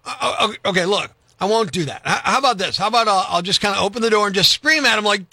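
A radio host speaks with a high, bright and forceful voice, pushing his point with an argumentative, deadpan persistence. The studio mic sounds close and dry, with faint music underneath. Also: quick pace, hardly any pauses, dry recording. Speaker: radio host and prank caller. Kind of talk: radio prank call and news reading.

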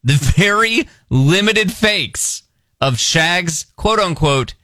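A man hosting a radio morning show in casual banter, teasing and quick to laugh. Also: high voice, expressive, sharp tone, dry recording, studio quality.

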